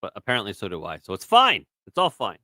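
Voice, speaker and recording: A man's voice: fairly low pitch, wildly swooping pitch, fast talker, noisy background. A man co-hosting a casual live-stream show, reading chat messages aloud and teasing his co-host. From Canada. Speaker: podcast co-host.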